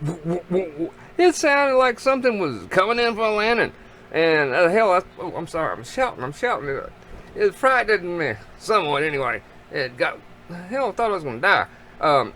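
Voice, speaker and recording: A middle-aged man with a drawl rambles through a story in a folksy way, his fairly high voice leaping up and down. He talks to the camera outdoors by his grill, with faint outdoor ambience behind him. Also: fairly bright tone, a little hiss or hum. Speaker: vlogger.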